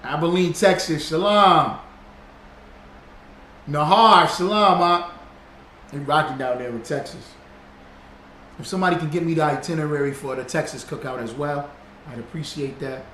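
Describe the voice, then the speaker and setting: A livestream host with a rather high voice speaks a little fast, reading viewer comments and greeting people by name. His teaching is loose, casual, and repetitive to drive points home, and the audio has a roomy echo with faint background noise.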